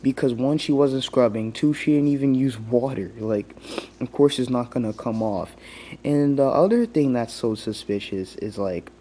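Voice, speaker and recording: A man's voice: mid-range voice, moderate pace, warm tone, a little hiss or hum. A young man giving a casual, rambling rant, full of "like" and restarts. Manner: rambling, heavy use of "like", many restarts. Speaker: vlogger.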